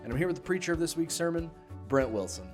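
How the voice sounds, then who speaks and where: A man's voice: on the high side, lively intonation, quick pace, faint music behind. A man hosting a church podcast in casual chat, playful and chatty, often restarting his sentences. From Ohio. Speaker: podcast host.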